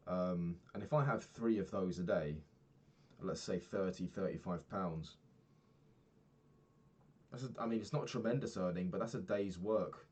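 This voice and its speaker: Young British man, deep low voice, rambling vlogger who swears and loses track. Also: normal speed, pauses often, a little mellow. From United Kingdom. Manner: rambling, swears often, loses his thread. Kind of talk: casual diary vlog.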